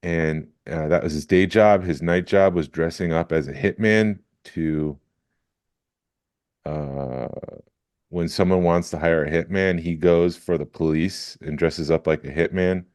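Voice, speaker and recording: Male podcast co-host, very low voice, dry close mic, rambling storyteller. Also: measured pace, a little mellow, clear, resonant tone, no echo. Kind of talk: casual chat.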